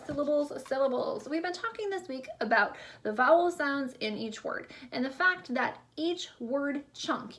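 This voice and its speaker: Young female teacher, high-pitched, unhurried and deliberate, remote class lesson. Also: a bit bright. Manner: slow, clear, drawn-out teacher delivery. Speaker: elementary school teacher.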